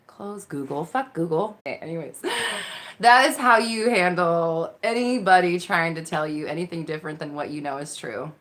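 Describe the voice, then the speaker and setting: A woman's voice: low voice, a bit bright. A woman hosting a live Q&A as a mindset coach, chatting casually into her phone, reacting to viewer comments with frequent laughter and casual swearing. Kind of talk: casual live-stream chat.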